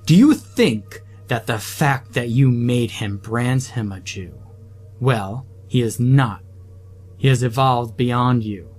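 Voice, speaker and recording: A man's voice: mid-range voice, slow pace, a little mellow, soft background music, voice pushed up. A man playing a smug, scheming middle-aged doctor who talks sarcastically and condescendingly.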